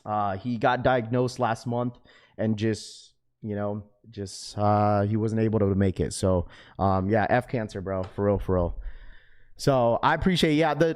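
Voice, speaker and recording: Raspy laid-back man streaming live. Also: medium pitch, a little mellow. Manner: laid-back, slangy, full of fillers; reads chat messages aloud. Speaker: sneaker livestream host. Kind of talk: casual livestream chat.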